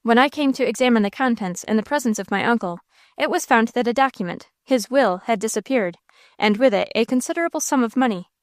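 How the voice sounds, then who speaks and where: Cold scheming gentleman villain, read by a woman, cool and stern, sneering, fairly high voice, dry close sound, audiobook. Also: animated, fast talker, no echo, lightly acted. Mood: cold, probing.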